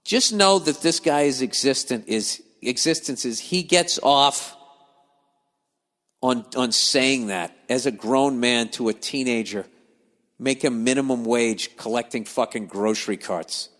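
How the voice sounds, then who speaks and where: A man's voice: medium pitch, a little slow, a bit bright. Cursing, ranting man with reverb. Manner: swears freely, grumbles and digresses. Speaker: podcast host reading listener letters. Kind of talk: profane comedic rant.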